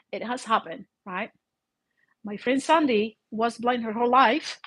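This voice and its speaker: A middle-aged woman with a foreign accent, English not her first language, telling her own story in an animated way, full of restarts and fillers. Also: a little high, unhurried, rough recording. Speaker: vlogger. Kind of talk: personal storytelling.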